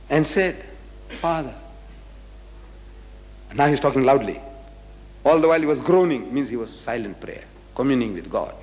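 A man with a creaky, medium-pitched voice delivers a religious lecture, reading scripture verses aloud and unpacking them through rhetorical questions. The room is an echoey hall with long reverb.

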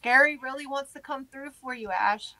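A woman's voice: sits high, moderate pace, sharp tone, no echo, poor audio. A woman hosting a live spirit-box session, talking in a soothing, sympathetic, reassuring way. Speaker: paranormal investigator host.

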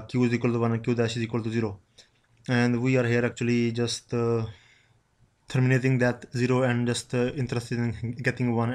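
A man giving a screen-recorded software tutorial, halting, with many pauses and fillers. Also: medium pitch. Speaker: instructor.

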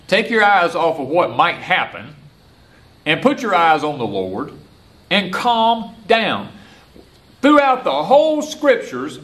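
An older man with a Southern accent preaches from his porch in a folksy, repetitive way. His pitch swings a lot and sits a touch high, and he is recorded outdoors. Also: a bit bright. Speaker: homesteader and former preacher. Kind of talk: porch-side preaching talk.

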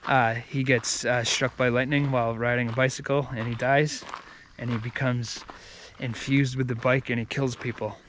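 A man's voice: medium pitch, little pitch movement, moderate pace, a bit bright, a little hiss or hum. A man giving a casual, rambling movie review, with many fillers and restarts.

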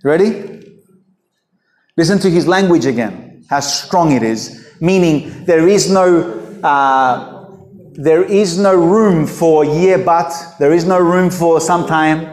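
A man's voice: a little high, slow pace, a little mellow. A man preaching a sermon as pastor, emphatic and full of rhetorical questions to the congregation. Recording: echoey hall.

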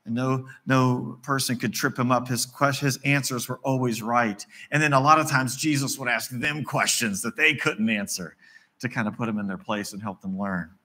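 A man from West Virginia delivers a sermon in a bright, forward voice. He tells the story conversationally and slips into the characters' dialogue as he goes. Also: mid-range voice, moderate pace. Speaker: pastor.

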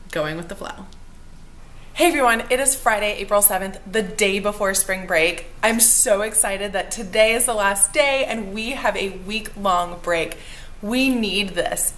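A woman's voice: mid-range voice, a bit bright, slight background noise. A young adult woman who is a teacher, talking casually to camera in a vlog, chatty and upbeat, sometimes worn out. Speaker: elementary school teacher.

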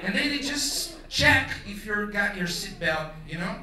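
A stand-up comedian from Rio de Janeiro, a native Portuguese speaker with a carioca Brazilian accent, performs a loose, profane set in English on a theater stage. His voice is high-pitched and expressive, a little slow. The sound is roomy with a distant mic and a loud audience.

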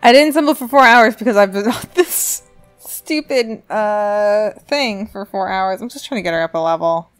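A woman's voice: medium pitch, moderate pace, smooth, faint music behind. A young adult woman giving casual commentary while she plays a life-simulation game, chatty and reacting aloud to what happens. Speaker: let's play gamer.

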